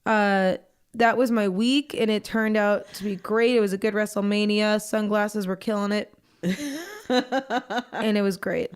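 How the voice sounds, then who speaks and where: A woman's voice: medium pitch, moderate pace, clear, resonant tone. A young woman co-hosting a podcast, chatting casually and acting out the people in her anecdote. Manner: chatty, animated, acts out voices in anecdotes. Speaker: podcast co-host. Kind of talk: casual chat, storytelling.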